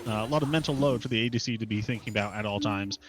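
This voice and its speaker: A man's voice: on the low side, very fast, low-quality recording. A man giving color commentary on an esports match, breaking down plays in a loose, conversational way. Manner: conversational analysis with light laughs and filler. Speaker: esports caster.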